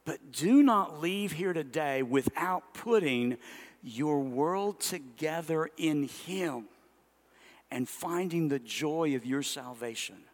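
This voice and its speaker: A male pastor delivers a sermon in a fairly high voice. He swells loudly on some phrases and drops to a soft, slow finish on others to make his points. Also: expressive. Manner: preaching with big swings in loudness, slowing down for emphasis.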